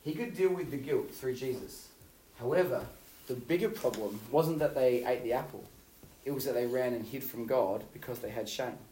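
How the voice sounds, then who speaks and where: A man preaching a youth sermon, telling stories with swings from loud to hushed. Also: medium pitch, normal speed, a little hiss or hum. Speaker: youth pastor. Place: youth hall. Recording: roomy hall, voice from far off.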